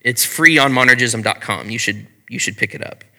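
A man teaching a Bible study in a conversational way, asking his listeners questions and often clearing his throat. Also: medium pitch, brisk, sharp tone, big-room sound.

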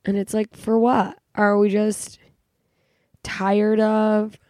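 A young woman from California talks alone into a close podcast mic, swearing and rambling through her frustration with lots of "like" and "I don't know." Her voice sits at a middle pitch and jumps up sharply when she is exasperated. The recording is dry, with no room sound. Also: little pitch movement, takes it slowly, mellow, no echo. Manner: profane, exasperated, rambling with frequent fillers. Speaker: podcast host. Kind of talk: casual solo podcast rant.

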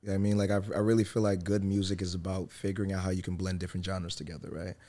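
Male guest, earnest and explanatory, low voice. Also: flat delivery, rapid-fire, dark tone. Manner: earnest, explains with examples, often says "you know what I mean". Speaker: musician guest. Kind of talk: interview talk.

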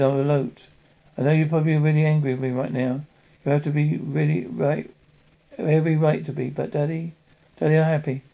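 A woman's voice: low-pitched, gravelly, mellow. An actress playing a young woman who has eloped, leaving a hesitant, apologetic answering-machine message for her father, on a dull lo-fi TV soundtrack. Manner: hesitant, apologetic, stumbling over words. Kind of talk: 1980s TV drama acting. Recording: dull lo-fi TV audio.

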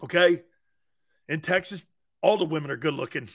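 A man's voice: fairly high pitch, moderate pace, long pauses. A middle-aged man hosting a sports talk show, chatting casually, joking and laughing often with rambling asides. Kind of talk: casual sports radio banter.

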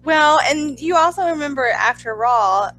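Brief: woman co-host, high lively pitch, quick interjections, faint music. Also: poor audio. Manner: chimes in with short agreeing remarks. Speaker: podcast co-host. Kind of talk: casual chat.

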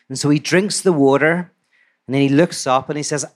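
A man telling a fairy tale to a live audience in a relaxed, conversational way with asides. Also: on the high side, moderate pace. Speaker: storyteller. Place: live talk before an audience.

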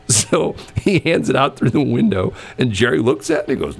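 A man's voice: a little high, normal speed, vocal fry, few pauses, husky. A man telling a story in casual chat, acting out the people in it and laughing often. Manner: animated, acts out quoted voices, laughs often.

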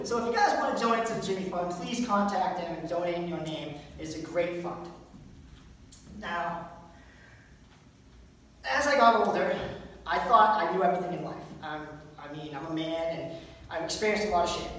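A man doing a rambling stand-up comedy set at a fundraiser, breaking into high squeaky impressions and little sung bits. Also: normal speed, a bit bright, a little hiss or hum. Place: event room at a fundraiser. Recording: roomy hall, mic far off.

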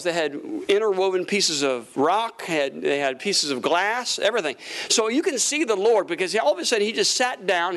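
Male pastor, high voice, energetic folksy preacher working the room with call-and-response. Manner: folksy, humorous asides. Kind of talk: sermon. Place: church service with congregation.

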